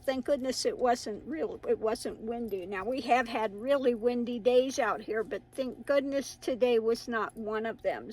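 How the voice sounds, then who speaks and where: A woman's voice: a little high, darkish tone, low-quality recording. A middle-aged woman hosting her own channel, chatting casually to viewers in a rambling way and laughing often. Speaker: tarot reader and channel host.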